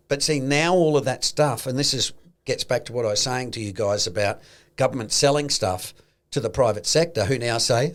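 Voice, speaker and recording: An Australian man hosting an investing podcast in casual chat, animated, acting out quoted voices and swearing freely. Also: medium pitch, normal speed. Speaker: podcast host.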